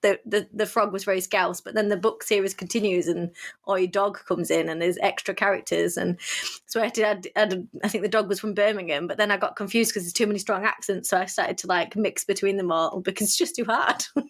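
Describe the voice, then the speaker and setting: Chatty woman podcast co-host, giggly, casual, mid-pitched voice. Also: fairly even intonation, fairly quick. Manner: giggly, chatty, laughs often. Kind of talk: casual chat.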